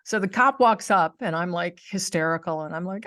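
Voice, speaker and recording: A woman's voice: lowish voice, moderate pace, hardly any pauses, fairly bright tone, no room sound, clean studio sound. A middle-aged woman hosting a podcast, telling a personal story in casual chat over a video call. She acts out the people in her story and laughs often. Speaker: podcast host.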